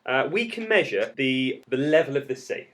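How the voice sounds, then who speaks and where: A man's voice: medium pitch, big pitch swings, moderate pace, fairly bright tone. A man in his thirties who teaches geography, explaining step by step with jokes in a casual podcast. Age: 30s.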